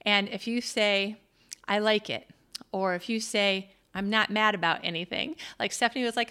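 Bright-voiced chatty American woman. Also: medium pitch, normal speed, smooth. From United States. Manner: chatty, self-deprecating, laughs often. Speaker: podcast host and author. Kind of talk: casual solo monologue.

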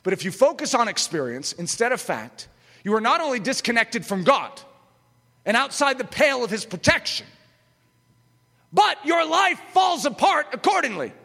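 Impassioned male preacher, emphatic, bright, rising to shouts; long hall reverb. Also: extremely high pitch, big pitch swings, normal speed. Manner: emphatic, rhetorical questions, sudden loud outbursts. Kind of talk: impassioned sermon.

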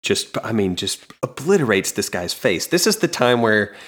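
A low-pitched American man recaps a comic on a casual podcast. He talks in a relaxed way, with plenty of ums and the odd dry joke. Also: normal speed. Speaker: podcast co-host. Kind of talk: casual chat about comics.

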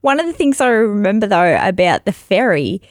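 A woman's voice: mid-range voice, big pitch swings, moderate pace, dry recording, studio quality. A young woman hosting a podcast, chatting casually and laughing through a travel story. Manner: chatty, laughs through her own stories.

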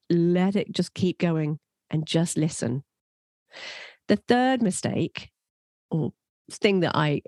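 A woman's voice: sits low, no echo. Earnest woman giving parenting advice. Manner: earnest and reassuring, grows animated when describing emotions. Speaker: parenting coach; mother.

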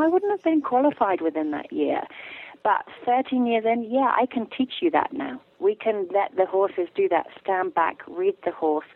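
A woman guest talking casually in an interview, telling stories with lively acted-out quotes. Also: lowish voice. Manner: animated storyteller, acts out quotes. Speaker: guest, animal communicator. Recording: tinny phone line, dry.

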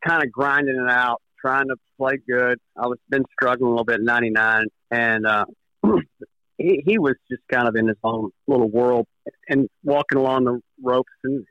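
A man's voice: medium pitch, bright, forceful tone, no room sound, lo-fi sound. A man, a golfer, recalling a memory in a plainspoken, reflective way during a podcast interview. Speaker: guest golfer.

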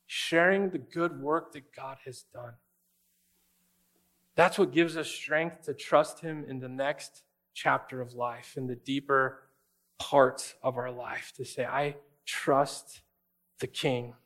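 A man's voice: medium pitch, steady tone, slow pace, fairly bright tone. A man preaching a sermon as a pastor, conversational and emphatic, often speaking straight to his listeners.

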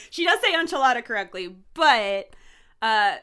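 A woman's voice: on the high side, very animated, measured pace, clear, resonant tone. A young woman co-hosting a podcast in casual chat, rambling into tangents and laughing often. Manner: chatty, laughs often, warm teasing tangents. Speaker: podcast co-host.

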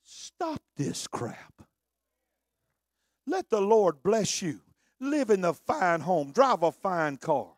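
A man preaching a sermon, swinging from low conversational talk to shouted, sung preaching. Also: very animated, slow, long pauses, no echo, clean studio sound.

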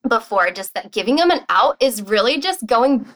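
A woman's voice: on the high side, animated, moderate pace, a bit bright, low-quality recording. A woman sleep consultant talking in a podcast conversation, reassuring and chatty with frequent fillers.

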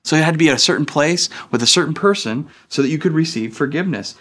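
A man's voice: fairly high pitch, lively intonation, fast talker, fairly bright tone. A man in his thirties preaching a sermon as pastor, in a casual, chatty way that acts out the people he quotes.

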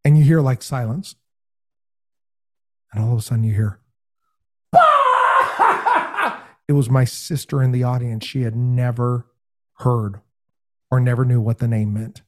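A man telling a story in casual podcast talk, animated and full of imitated voices. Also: mid-range voice, normal speed, pauses often. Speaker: podcast guest, game show host.

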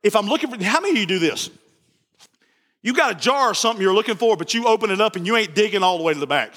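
A man preaching a sermon in a church, animated and joking, often repeating his words. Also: high-pitched, racing, in a large hall. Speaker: pastor.

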